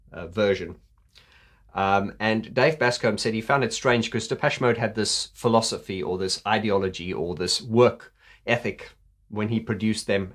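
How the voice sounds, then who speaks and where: A man hosting a casual video commentary, enthusiastic, laughing often, with many fillers. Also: lowish voice. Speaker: host.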